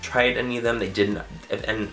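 A man's voice: fairly low pitch, steady tone, normal speed, fairly bright tone, soft background music. Bubbly rambling man vlogging. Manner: bubbly, rambling, self-mocking, swears offhandedly. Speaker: beauty vlogger. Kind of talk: casual chatty outro and bloopers.

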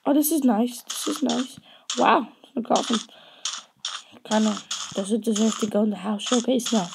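A woman's voice: on the high side, fairly even intonation, moderate pace, creaky, background noise. A woman chatting and rambling playfully while playing a building game. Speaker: let's play host. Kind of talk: casual gameplay chat.

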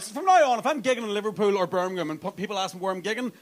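A man in his thirties with a Northern Irish accent doing a stand-up comedy set, talking animatedly, swearing freely and bursting into loud mimicked voices. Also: high voice, fast. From Northern Ireland. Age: 30s. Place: comedy club stage.

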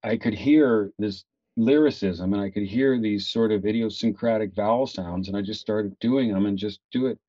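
Middle-aged guy from LA telling a story on a podcast, lively and a bit sweary, dry dull-sounding mic. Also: on the low side, normal speed, few pauses, no room sound. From Los Angeles. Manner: animated, swears freely, acts out his inner dialogue. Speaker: guest actor. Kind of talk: casual storytelling in a podcast interview. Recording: dull lo-fi recording.

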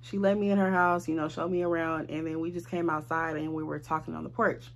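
A young woman, telling a storytime tale in a casual, animated, profane way. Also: low voice, brisk. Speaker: storyteller vlogger.

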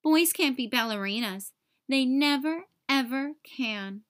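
A woman's voice: high voice, animated, measured pace, a bit bright. A woman doing a smug know-it-all brother. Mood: insistent. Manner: smug, insistent.

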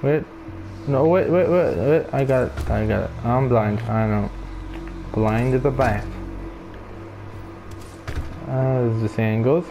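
A young man commenting on his own gameplay, mocking himself and swearing, with loud outbursts between slow muttering. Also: medium pitch, fairly even intonation, vocal fry, over music. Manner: self-mocking, swears often, bursts into loud shouts. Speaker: let's player.

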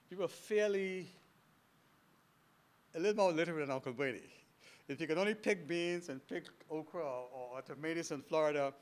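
A Bahamian man in his seventies giving a storytelling history lecture to an audience, animated and full of anecdotes and chuckling asides. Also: a little high. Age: 70s. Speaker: guest speaker. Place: lecture hall before an audience.

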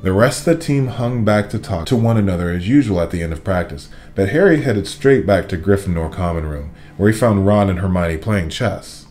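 A man reading a children's storybook aloud with lively, expressive narration. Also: sits low, a little fast, hardly any pauses. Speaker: reader.

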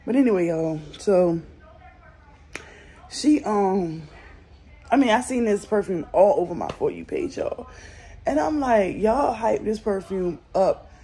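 Medium in pitch with a dark tone and a breathy edge, she speaks a little slowly, pausing often, yet is very animated. A young Southern American vlogger, she chats casually and bluntly to viewers from bed at home, swearing freely, recorded on a phone.

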